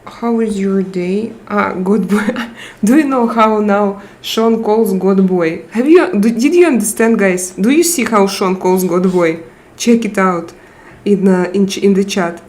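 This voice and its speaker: A woman's voice: mid-range voice, a little slow, darkish tone. A woman hosting a live chat, reading viewer messages and teasing them in a playful, giggly way.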